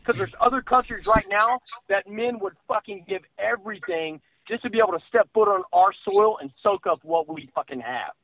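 A man holds forth on a podcast in a boastful, profane comic rant, all macho bluster. His voice sits high for a man and crackles with gravel. The sound is close and dead dry. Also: normal speed, hardly any pauses, bright, forceful tone, no echo. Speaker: podcast co-host.

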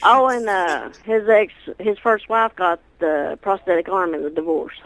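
A woman's voice: lowish voice, a little slow, a bit bright, poor audio. Brash, joking woman caller. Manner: brash joke-telling. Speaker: caller, cattle farmer. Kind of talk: call-in to a radio show.

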